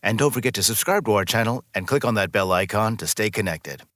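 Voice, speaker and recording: A man reading a scripted story as narrator in a smooth, even storytelling manner, close to the mic. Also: on the low side, fast talker, no room sound.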